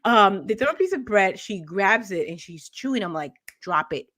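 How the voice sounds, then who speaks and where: A woman co-hosts a relaxed morning talk show over a video call. She tells long personal stories in an animated way, often breaking into laughter. Her voice sits at a middling pitch. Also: moderate pace, a crowd in the background. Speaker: co-host. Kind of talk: casual morning show chat.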